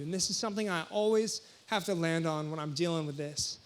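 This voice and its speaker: A young man preaching a sermon as a young adults pastor, telling jokey stories with sudden loud exclamations. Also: on the high side, brisk. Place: church hall before a congregation.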